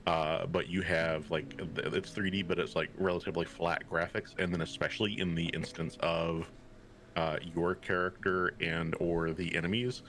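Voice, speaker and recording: A man's voice: low voice, little pitch movement, normal speed, a bit bright, a little hiss or hum. A man chatting on a gaming podcast, enthusiastic and rambling. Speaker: podcast guest. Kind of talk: casual chat.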